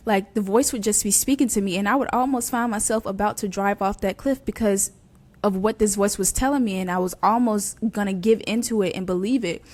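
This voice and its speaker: A woman's voice: medium pitch, fairly quick, darkish tone. Young adult woman, host, earnest conversational testimony, mid-range voice, loose and chatty. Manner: earnest and conversational, many fillers. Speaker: podcast host. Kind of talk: personal faith testimony.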